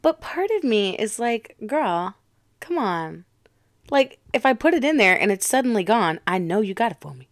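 Young woman podcast co-host, casual storyteller, animated quotes, dry close mic. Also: medium pitch, normal speed, no echo. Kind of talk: casual chat.

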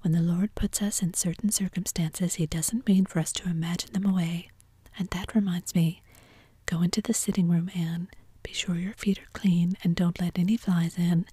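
A woman voicing a stern, disapproving older spinster in a breathy whispered role-play. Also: fairly low pitch, steady tone, moderate pace, warm tone, no echo. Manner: curt, disapproving.

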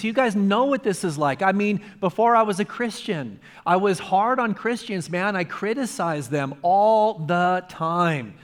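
A man's voice: high voice, expressive, a little slow, hardly any pauses, some chatter behind. A male pastor preaching a sermon in a conversational way, driving points home with emphatic repetition.

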